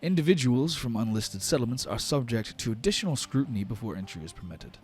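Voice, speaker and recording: A man voicing a smug, officious male elven clerk who speaks in a prim, condescending, measured way. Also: mid-range voice, animated, darkish tone, pitched above the performer's own voice, lightly acted.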